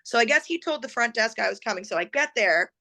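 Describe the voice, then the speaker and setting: Bright-voiced woman telling a story. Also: on the high side, fast. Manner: animated, acts out quoted voices. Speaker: guest. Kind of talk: emotional personal storytelling.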